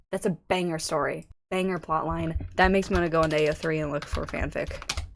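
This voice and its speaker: A young woman giving excitable reaction commentary as a YouTuber, giddy and rambling, often squealing and laughing. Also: deep voice, a little fast. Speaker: YouTuber reacting to fan videos.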